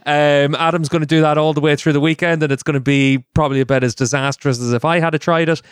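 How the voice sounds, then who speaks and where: Host, male, casual and self-deprecating; smooth, resonant voice. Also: fairly high pitch, quick pace, no echo. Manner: relaxed, frequent fillers, self-mocking. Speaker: podcast host. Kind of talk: casual podcast chat.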